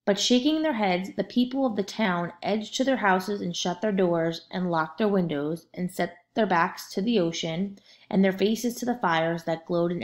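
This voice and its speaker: A woman narrating a children's storybook aloud in a steady, expressive way. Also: mid-range voice.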